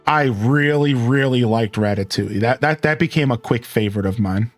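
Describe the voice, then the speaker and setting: Soft music sits under the voice of an Ohio live streamer in his thirties, who speaks at a medium pitch and moderate pace with an Ohio accent. He chats casually and animatedly with viewers, wandering off on tangents and correcting himself.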